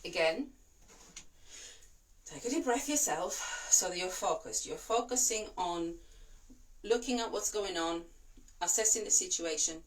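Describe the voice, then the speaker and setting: A woman, a voice and breathing coach whose first language is not English, giving calm, reassuring instructions and demonstrating slow breaths. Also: lowish voice, far from the mic. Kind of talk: instructional talk to camera.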